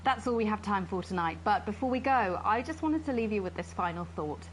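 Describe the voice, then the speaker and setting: A posh, lovelorn female presenter, played by a woman, spills an awkward, obsessive confession at the end of a broadcast. Her voice sits mid-range, and a steady hiss runs under the recording. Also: medium pitch, a little fast, natural voice, low-quality recording. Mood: signing off. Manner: rambling, awkward, pleading confession.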